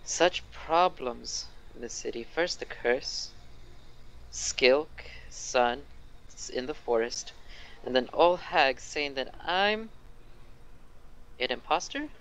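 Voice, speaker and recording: A weary, sly town mayor, sighing over the city's troubles and mocking those who doubt him, as a man voices him at the game table. The voice sits in a middle range and sounds smooth and clear. He talks at an everyday pitch, lightly put on. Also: expressive, takes it slowly, long pauses, a bit bright, low-quality recording. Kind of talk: tabletop game role-play.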